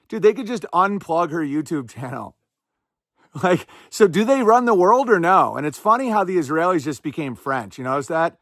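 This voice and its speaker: A man's voice: high voice, animated, no room sound, clean studio sound. A man hosting a podcast, giving rambling, sarcastic commentary in a casual chat style. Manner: rambling, sarcastic, quick asides. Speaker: podcast host.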